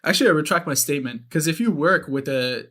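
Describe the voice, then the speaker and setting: A man's voice: on the high side, lively intonation, fast, crowd noise. A man co-hosting a podcast in casual, joking chat. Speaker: podcast co-host.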